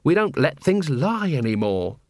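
A man narrating an audiobook with dry, measured storytelling. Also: a little high, very animated, a little mellow, no echo. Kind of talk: scripted narration.

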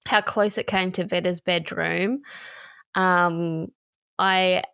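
A woman's voice: fairly low pitch, steady tone, takes it slowly, gravelly, fairly bright tone, smooth, no echo, clean studio sound. A woman, co-hosting a podcast and telling a personal story frankly and emotionally, with casual swearing. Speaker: podcast co-host. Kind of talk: candid podcast chat.

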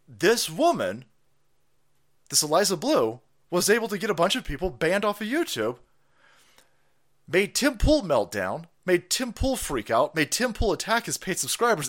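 A man's voice: on the high side, a bit bright. A man hosting a stream, ranting in profane commentary, laughing and mocking people in put-on voices. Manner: foul-mouthed, laughing, mocking impressions. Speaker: streamer host.

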